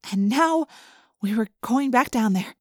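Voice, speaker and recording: A woman narrating a first-person audiobook in a lively, expressive way, speeding up in excited passages. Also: fairly high pitch, a little slow, no echo, studio quality.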